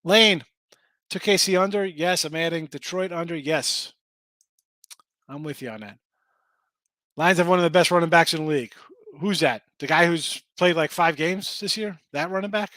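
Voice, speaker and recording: Excitable sports betting host, bright voice. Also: male voice, fairly high pitch, normal speed, pauses often, dry recording. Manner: excitable, swears, talks to chat viewers by name. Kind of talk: casual betting picks talk.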